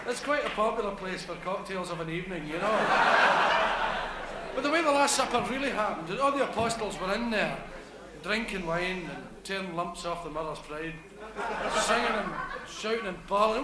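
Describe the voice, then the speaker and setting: A man's voice: sits high, lively intonation, brisk, heavy background noise. A Glaswegian man doing live stand-up storytelling in a hesitant, wry way, full of local slang. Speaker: comedian. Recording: echoey live room, loud crowd laughter.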